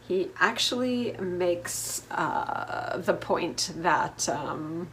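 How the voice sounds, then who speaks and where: A woman's voice: fairly low pitch, slight background noise. A middle-aged woman from the United States hosting a casual TV recap, chatty and opinionated with lots of fillers. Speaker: host.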